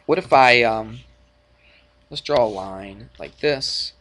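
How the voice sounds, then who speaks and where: A male math teacher lecturing a class in a classroom, energetic and jokey, often checking in with the students. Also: medium pitch, takes it slowly. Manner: energetic, jokey, asks frequent check-in questions.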